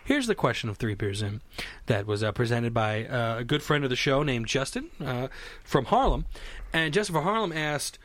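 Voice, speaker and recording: A man's voice: mid-range voice, animated, moderate pace, a bit bright, no echo. An American man co-hosting a podcast, chatting casually and joking with lots of restarts. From United States. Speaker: podcast co-host. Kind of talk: casual chat.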